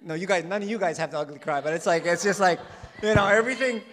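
High-voiced preacher man in a reverberant hall. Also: fast talker, a little hiss or hum. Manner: emphatic preacher, swings from loud declarations to soft urging. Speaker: pastor. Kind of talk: sermon.

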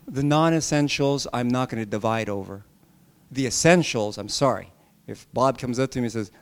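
A man's voice: mid-range voice, expressive, moderate pace, clear, resonant tone. A male pastor preaching a sermon with emphatic repeats and joking asides.

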